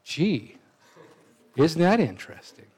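Male preacher, fairly high voice, animated, chatty sermon with asides. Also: slow, husky, rough recording. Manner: conversational, with asides and restarts.

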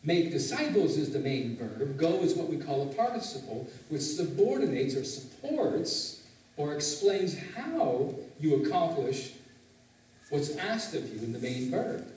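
A man's voice: a little high, big pitch swings, a little slow, darkish tone. A man preaching a sermon as pastor, teaching and asking the congregation frequent questions. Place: church sanctuary, in Canada. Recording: very echoey hall, voice from a distance.

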